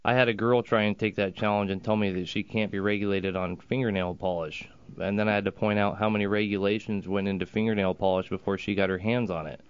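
A man's voice: fairly low pitch, flat delivery, fast, few pauses, smooth, no room sound. A man co-hosting a radio talk show who speaks bluntly and argues his point hard. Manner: blunt, argumentative. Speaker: radio co-host. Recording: dull lo-fi radio broadcast.

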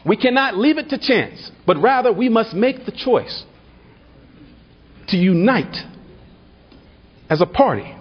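A man speaks at a party dinner in a banquet hall. His voice is high and a little husky, and he builds his speech into rousing repeated refrains. The recording is dull and lo-fi. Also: very animated, a little slow, pauses often. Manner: builds to rhetorical refrains, tells a humorous anecdote. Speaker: political speaker.

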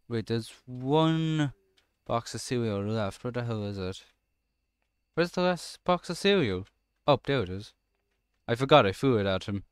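A man's voice: medium pitch, clear, resonant tone, dry recording, studio quality. A young man giving sarcastic let's-play commentary on a horror game, swearing casually and talking back to the characters. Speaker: gamer playing a horror game.

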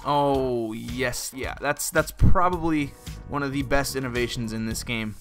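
A young man giving excitable, exclaiming, self-mocking commentary while he plays a shooter game. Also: medium pitch, measured pace, soft background music. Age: young adult. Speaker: gaming video host. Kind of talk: live gameplay commentary.

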